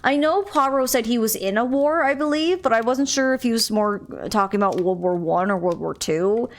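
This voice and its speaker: A woman's voice: on the high side, moderate pace. Chatty woman streaming a mystery game. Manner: chatty, musing, stumbles over names. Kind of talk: casual gameplay commentary, reading in-game text aloud.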